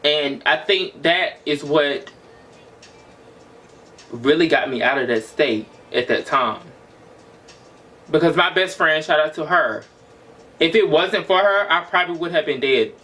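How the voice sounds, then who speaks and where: High, bright-voiced young man venting. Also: a little slow, long pauses. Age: 20s. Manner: raw, emotional, profane. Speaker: vlogger. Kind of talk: personal venting monologue.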